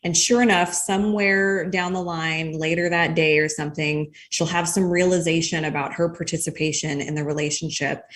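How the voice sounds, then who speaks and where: Thoughtful, lower-voiced woman guest. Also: level tone, normal speed, hardly any pauses, a little hiss or hum. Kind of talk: conversational interview.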